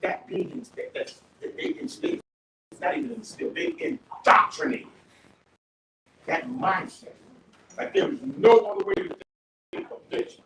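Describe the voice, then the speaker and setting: High animated guy in his 50s, rambly panel talk, echoey barbershop mic far off and noisy. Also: a little slow, long pauses. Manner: rambling, restarting often, laughing at his stories.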